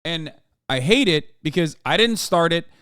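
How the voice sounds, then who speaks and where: A man's voice: on the high side, lively intonation, normal speed, pushed and bright, clean tone, no echo, studio quality. An American man in his thirties, a streamer ranting through livestream commentary, swearing constantly and exasperated.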